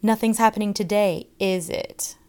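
A woman doing a cruel shouting schoolboy. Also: fairly low pitch, big pitch swings, normal speed. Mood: taunting. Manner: taunting, loud and harsh.

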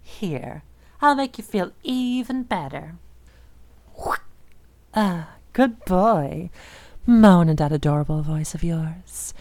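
A young woman voicing an obsessive, possessive dominant woman in an audio role-play, speaking in a soft, slow, teasing murmur. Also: fairly low pitch, animated, no room sound. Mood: possessive, crooning.

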